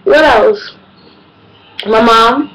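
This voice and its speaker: A woman's voice: fairly high pitch, drawn-out words, low-quality recording. A young woman, telling exasperated comedic stories in a casual, slangy vlog monologue. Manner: animated, exasperated, slangy storytelling. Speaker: vlogger.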